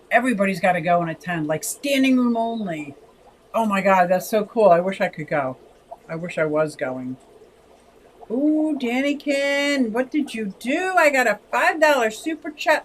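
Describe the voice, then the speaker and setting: Older lady doing a chatty fish livestream, middle pitch, faint hum behind her. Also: moderate pace, low-quality recording. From Pennsylvania, USA. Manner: chatty and expressive, often sways between lively and soft. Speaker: livestream host. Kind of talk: casual livestream chat, reading comments.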